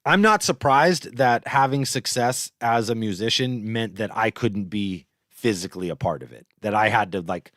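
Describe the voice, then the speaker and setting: A man's voice: on the low side, moderate pace, few pauses, no echo, studio quality. A man hosting a show, telling stories in a casual, profane, rambling monologue. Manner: profane, animated storytelling. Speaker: host.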